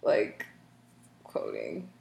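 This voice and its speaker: A woman co-hosting a casual chat with friends, gushing and giggly, with quick asides. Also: darkish tone. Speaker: podcast co-host. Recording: roomy echo.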